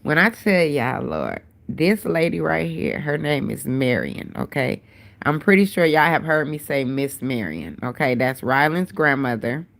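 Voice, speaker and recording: A woman with a low, gravelly voice and a stuffy nose hosts a casual livestream chat. She speaks in a sing-song way at a measured pace, chatting freely and calling her viewers "y'all" and "baby".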